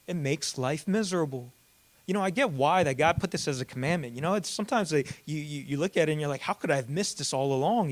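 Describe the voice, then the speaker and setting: Casual young pastor preaching. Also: male voice, on the high side. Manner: casual, conversational preaching with slang and restarts. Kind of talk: sermon.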